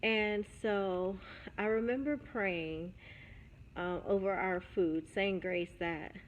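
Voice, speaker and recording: A young woman recounts a personal story at an unhurried pace, candid and reflective, with pauses and restarts. Her voice sits at a middle pitch. The sound is a little dull and lo-fi. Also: a little hiss or hum. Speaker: vlogger.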